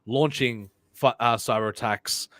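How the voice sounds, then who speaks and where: A man's voice: medium pitch, measured pace, no room sound, clean studio sound. Swearing man reading chat. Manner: loud joking banter with swearing, reads chat aloud. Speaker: livestream co-host. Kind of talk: casual livestream chat reading viewer comments.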